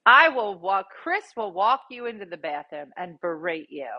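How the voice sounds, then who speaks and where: A woman host casually telling a funny story, jumping into loud quoted voices. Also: mid-range voice, very animated, normal speed, muffled recording. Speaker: podcast host.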